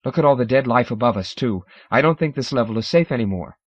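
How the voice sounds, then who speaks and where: A man's voice: mid-range voice, animated, quick pace, no room sound, muffled recording, close to an everyday voice. A male narrator voicing a female wind-dwelling alien who speaks urgently. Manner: urgent, pleading.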